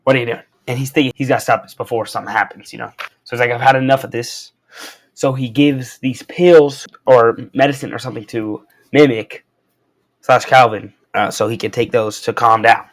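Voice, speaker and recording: Slangy, excitable young man reviewing comics. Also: mid-range voice, a little fast. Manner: slangy and excitable, lots of "bro" and "like". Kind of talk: casual comic read-through and review. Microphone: wearing a corded mic while walking around.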